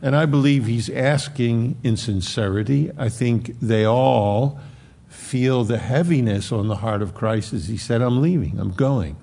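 A man preaching a sermon in a conversational, rambling way, with dramatic drops into soft, low tones. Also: a little slow, vocal fry.

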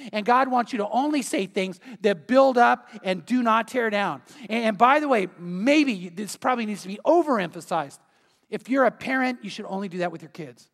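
A man preaching a sermon as pastor, earnest and emphatic, sometimes dropping to a quiet, intense tone. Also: extremely high pitch, creaky. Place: church sanctuary. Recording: long hall reverb.

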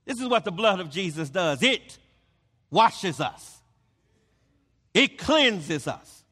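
A man's voice: high-pitched, sing-song, takes it slowly, bright, forceful tone, slightly rough, in a large hall. A man preaching a sermon, emphatic, often stammering and repeating his words.

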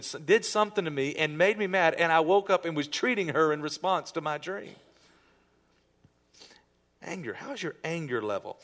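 A man's voice: on the high side, a bit bright. A male pastor preaching a sermon in a conversational way, with jokes and acted-out asides to the congregation. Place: church sanctuary with congregation.

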